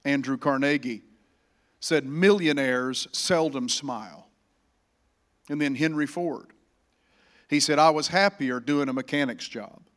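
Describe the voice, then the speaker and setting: Pastor preaching a sermon. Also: male voice, on the high side, fairly even intonation, normal speed, pauses often. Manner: preaching, swells loud on scripture, calls congregation to repeat. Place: church.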